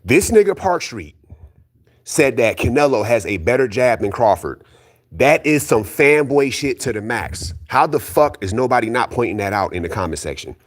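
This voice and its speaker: With a sing-song, mid-range voice at normal speed, this boxing commentary YouTuber rants alone about the sport. He's profane and blunt, hammering the same points over and over and insistently taking aim at critics.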